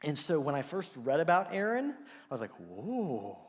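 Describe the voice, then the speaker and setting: A man's voice: fairly high pitch, fairly quick, in a large hall. A middle-aged man preaching a sermon as pastor, telling stories and acting out the quotes he tells. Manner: animated storytelling, acts out quotes. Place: church sanctuary.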